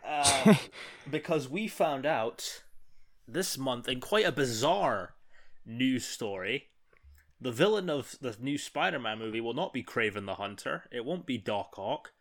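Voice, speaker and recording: A man's voice: medium pitch, animated, unhurried. A man co-hosting a film podcast who chats casually and gives blunt opinions, swearing freely. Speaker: podcast co-host.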